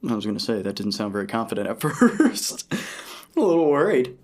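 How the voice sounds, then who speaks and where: A man's voice: fairly low pitch, brisk. A man hosting a casual chat, joking and rambling in a self-deprecating way. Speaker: host.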